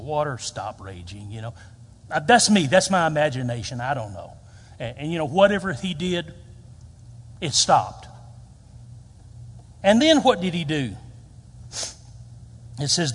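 A man, preaching a storytelling sermon and acting out quoted lines. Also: husky. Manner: storytelling, acts out quoted lines with big pitch jumps. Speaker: pastor. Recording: reverberant hall.

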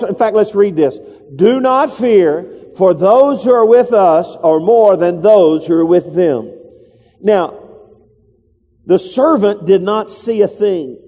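A man preaching a sermon in a large church, his voice mellow and a touch high. He leads call-and-response lines with the congregation and bursts into sudden high voices to act out the scenes he describes. Long reverb hangs after his words. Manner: acts out quoted voices with sudden high-pitched outbursts. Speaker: pastor.

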